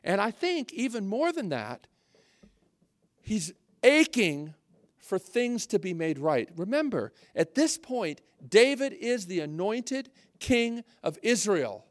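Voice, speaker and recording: A man's voice: high voice, big pitch swings, takes it slowly, no echo, studio quality. A man preaching a sermon in a conversational, earnest way, often restarting phrases and adding asides.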